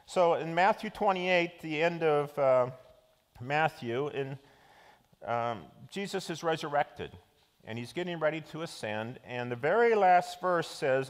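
A man's voice: a little high, animated, measured pace. A middle-aged male pastor giving a conversational sermon, with frequent fillers and restarts. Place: church. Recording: long church hall reverb.

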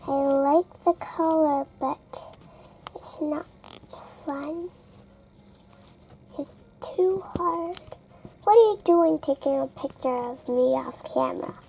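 A young girl hosting a casual slime vlog, chatty and unhurried, often dropping to a soft near-whisper. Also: high-pitched, gravelly, rough recording. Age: child. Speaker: young slime channel host. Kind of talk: casual toy vlog chat. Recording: faint background noise.

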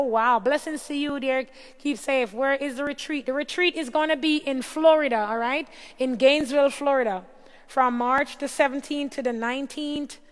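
A woman hosts a casual livestream in a high voice, calling out viewers' names and greeting each in turn. Her voice sounds a little worn. A long reverb trails behind her words. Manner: reads out viewer names and greets them warmly one by one. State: voice tiring. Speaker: livestream host.

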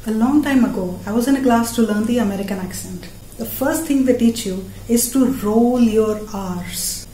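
A woman's voice: a little high, moderate pace, dark tone, reverberant, slight background noise. Indian woman doing stand-up comedy. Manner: playful, switching between languages mid-sentence. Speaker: stand-up comedian and channel host.

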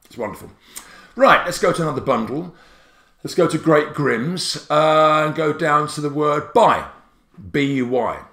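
Excitable man in an echoey room. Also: fairly high pitch, measured pace. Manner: excitable, theatrical, jokey. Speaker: app creator and teacher presenter. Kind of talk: tutorial presentation.

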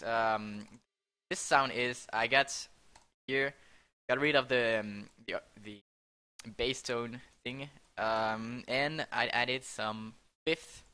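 A man's voice: mid-range voice, bright, forceful tone. A young man casually walking through how he built a track, often stopping to correct himself and laughing at his slips. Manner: halting, self-correcting, laughs at own slips. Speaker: music producer explaining his track. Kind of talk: casual screen-recorded tutorial.

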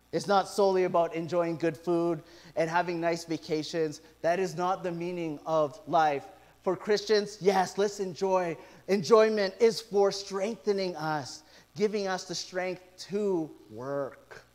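A middle-aged male pastor preaching a sermon, telling stories with lively quoted asides. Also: on the high side. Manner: animated storytelling with quoted asides.

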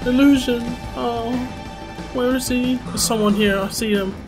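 A man's voice: extremely high pitch, steady tone, a little slow. A man giving casual, jumpy gameplay commentary, exclaiming and yelping at the scares. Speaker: gamer playing a horror-heavy action game. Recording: game music playing loudly behind.

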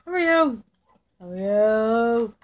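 A woman voicing a hyper, cheerful young male fox kid in in-character game commentary, excitable and pushy. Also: a little high, slow, muffled recording. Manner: excitable, bouncy, keeps shouting questions at passers-by.

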